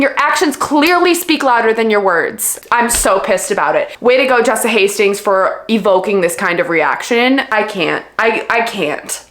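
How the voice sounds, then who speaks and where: A woman book vlogger in a casual, animated rant, exasperated and emphatic, repeating words for effect. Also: medium pitch, moderate pace. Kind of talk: casual reading vlog rant. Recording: echoey room with faint music.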